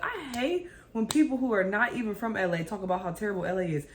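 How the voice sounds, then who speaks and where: A woman's voice: medium pitch, expressive, fast, few pauses, a little hiss or hum. A woman hosting a reaction video, talking casually with blunt, profane ranting.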